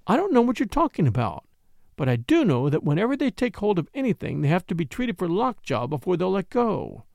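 A man voicing an anxious young widow in a storybook reading, plaintive and quick to scold. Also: sits high, big pitch swings, vocal fry, a little mellow, dry recording, full character voice. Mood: pleading, anxious.

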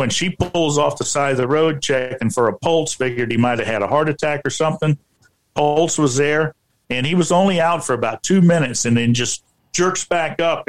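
Man telling a story with halting fillers. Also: medium pitch. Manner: halting, repeats himself, many fillers. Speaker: paranormal researcher.

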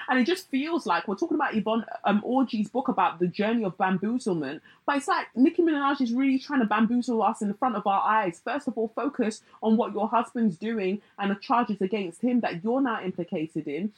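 Husky woman, blunt and sarcastic. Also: medium pitch, lively intonation, normal speed, poor audio. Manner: blunt, sarcastic, mocks others in put-on voices. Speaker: commentator. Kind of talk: casual pop-culture commentary.

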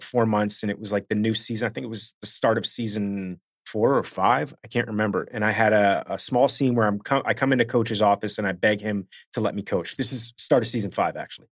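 A man with a Northeast US accent, an actor co-hosting a casual chat and telling animated stories from set. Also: fairly low pitch, no room sound, studio quality. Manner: animated storyteller, slips into quoted voices. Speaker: podcast co-host, actor.

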